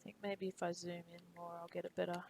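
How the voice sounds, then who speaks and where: A woman streaming live while 3D modeling, muttering quietly to herself, reading tool tips aloud and chatting loosely with viewers. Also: lowish voice, little pitch movement, quick pace, creaky, slight background noise, rough recording. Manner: chats loosely with viewers in between.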